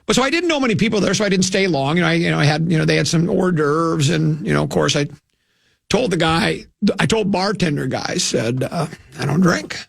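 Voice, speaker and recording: A man's voice: on the high side, lively intonation, a little fast, creaky, no echo, clean studio sound. An older man from hosting a radio show, telling a rambling, self-mocking anecdote with many restarts. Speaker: radio host.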